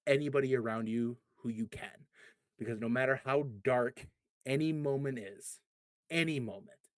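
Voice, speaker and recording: A man in his thirties speaking earnestly and reflectively in a casual podcast chat, pausing and restarting his sentences often. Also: mid-range voice, no echo, clean studio sound. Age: 30s.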